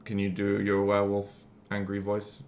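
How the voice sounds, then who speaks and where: A man co-hosting a casual movie podcast from home, relaxed and chatty, often correcting himself mid-sentence. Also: on the low side, moderate pace, a little hiss or hum. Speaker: podcast co-host.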